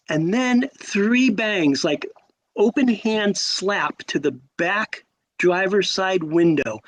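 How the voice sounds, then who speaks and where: A man in his sixties from Connecticut, telling stories as a podcast guest, animated, with sudden rises and emphatic repeats. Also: high-pitched, slow, poor audio. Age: 60s. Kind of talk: storytelling in a podcast interview.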